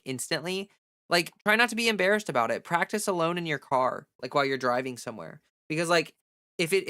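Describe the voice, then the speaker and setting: Woman streamer, bright forceful tone, chatty candid advice, dry close sound. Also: low voice, dry recording. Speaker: livestreamer giving voice-training advice. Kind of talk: casual livestream chat.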